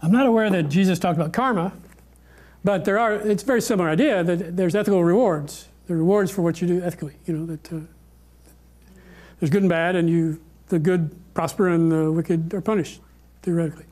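A man's voice: high voice, a little fast, darkish tone. A man giving an informal lecture on religion and answering questions, often hesitating and restarting his sentences. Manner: hesitant, with many fillers and restarts.

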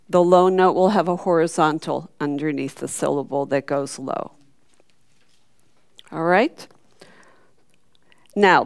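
A woman's voice: lowish voice, a little mellow, smooth, no room sound, clean studio sound. A woman teaching a chanting class, patiently explaining marks and singing syllables for the group to repeat. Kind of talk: chanting lesson.

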